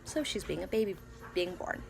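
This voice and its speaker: A woman's voice: on the low side, expressive, brisk, vocal fry. A young woman, a mother of three young children, casually telling a story in a home vlog, rambling with many fillers and restarts. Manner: quotes her child in a soft whisper. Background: faint music playing.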